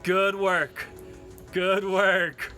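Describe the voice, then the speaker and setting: A cheery man with a high, bright voice leads a workout class at an unhurried pace. He mixes cues with puns, and faint music plays behind him. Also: flat delivery. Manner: upbeat, cheery, cracks puns. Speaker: fitness instructor. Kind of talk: live-streamed workout class with jokes. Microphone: camera mic he adjusts.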